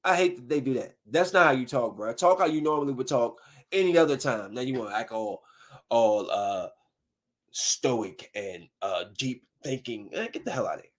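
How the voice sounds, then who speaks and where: A man's voice: mid-range voice, expressive, quick pace, fairly bright tone. A male podcast host in a casual, profane rant, full of sudden outbursts as he reviews shows.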